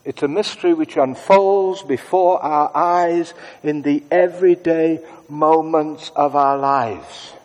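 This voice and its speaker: A man preaching a sermon in a conversational way, moving between brisk asides and hushed, prayerful tones. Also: on the high side, in a large hall.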